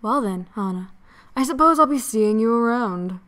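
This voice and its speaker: A woman voicing a smug young male student who teases in a slow, amused drawl. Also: on the high side, expressive, fairly bright tone. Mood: teasing.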